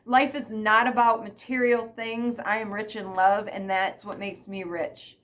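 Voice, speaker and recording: Brief: middle-aged woman, emphatic personal vlog rant, mid-pitched voice. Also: fairly even intonation, a little slow, a bit bright. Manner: emphatic and repetitive, frequent "okay?". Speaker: vlogger. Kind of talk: ranting vlog monologue.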